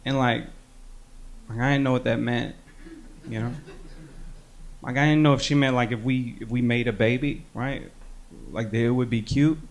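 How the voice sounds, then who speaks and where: A man's voice: medium pitch, steady tone, moderate pace, pauses often. A young man doing a stand-up set on a club stage, talking in a loose, self-deprecating way with lots of "you know". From American Midwest. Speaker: stand-up comedian. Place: comedy club stage with audience.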